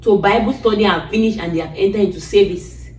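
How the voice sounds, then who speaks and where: A woman's voice: medium pitch, quick pace, a little mellow, a little hiss or hum. A woman from Nigeria telling a personal story dramatically, acting out her own cries and pleas. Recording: distant mic in an echoey room.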